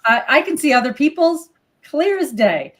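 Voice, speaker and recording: A middle-aged woman talks in a lively, candid way, slightly higher in pitch than most. She chats casually as a healer, swears offhandedly and acts out her inner voice in quick little quotes. Frank and easygoing. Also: rough recording. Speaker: co-host, healer. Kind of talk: casual live-stream chat.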